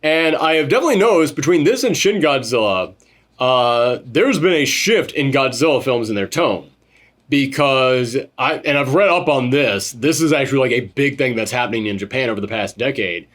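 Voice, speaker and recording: A man co-hosting a casual film review chat, animated, swearing freely and mimicking characters as he goes. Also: medium pitch, normal speed. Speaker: podcast co-host reviewing a film.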